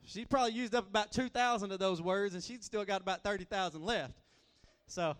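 A man preaching a sermon as a guest preacher, folksy and repetitive, swinging between loud and soft. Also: high voice, a little fast, big-room sound.

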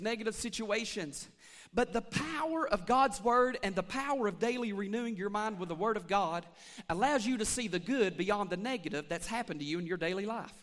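A man's voice: sits high, fairly bright tone. A man preaching an impassioned sermon, calling out to his congregation for responses. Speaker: pastor. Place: church sanctuary. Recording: long church hall reverb.

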